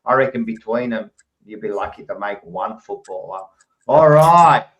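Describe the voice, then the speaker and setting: A man's voice: lowish voice, fairly even intonation, moderate pace, a bit bright, poor audio. A man hosting a casual football podcast, blokey and swearing freely. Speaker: podcast host. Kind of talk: casual sports chat.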